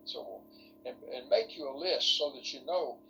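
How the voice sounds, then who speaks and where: A man's voice: on the high side, moderate pace, fairly bright tone, lo-fi sound, slight background noise. A man lecturing ministry students in an online workshop over a video call, folksy and rambling, full of rhetorical questions.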